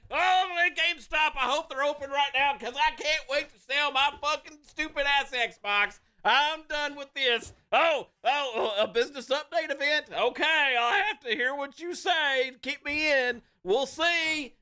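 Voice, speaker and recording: A man voicing a panicking, paranoid male gamer who shouts and swears in a high, mocking voice. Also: unhurried, few pauses, heavily acted. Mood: frantic panic.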